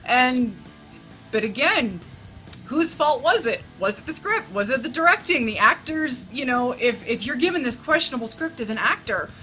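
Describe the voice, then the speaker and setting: A woman co-hosts a casual movie review, chatting easily and breaking into loud, exasperated rants. Her voice is bright and sits a little high, with faint music playing behind her. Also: animated, normal speed. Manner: chatty, gets loud and exasperated when ranting. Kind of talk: casual film review chat.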